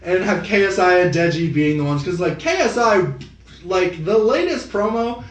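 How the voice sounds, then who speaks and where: A young man co-hosting a podcast, rambling and swearing through casual chat and breaking into quick impressions of other people. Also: high-pitched, expressive, far from the mic. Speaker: podcast co-host. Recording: echoey room, off-mic.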